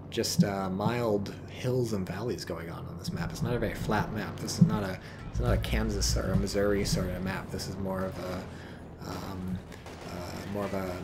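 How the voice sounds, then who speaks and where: A man's voice: deep voice, noisy background. A man giving casual, rambling commentary on a strategy game, joking and swearing as he goes. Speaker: game caster.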